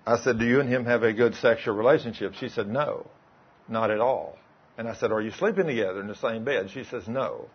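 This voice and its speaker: A man's voice: lowish voice, fairly quick, breathy edge, muffled recording. A male preacher, delivering a sermon by retelling conversations line by line. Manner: retells dialogue, quoting both sides. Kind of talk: sermon with told stories.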